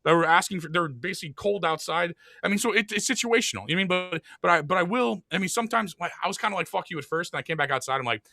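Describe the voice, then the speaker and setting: A man's voice: sits high, lively intonation, rapid-fire, hardly any pauses, bright, forceful tone, no echo, studio quality. A man hosting a podcast in casual, profane chat, rambling with many filler words. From lives in Saint Louis. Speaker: podcast host.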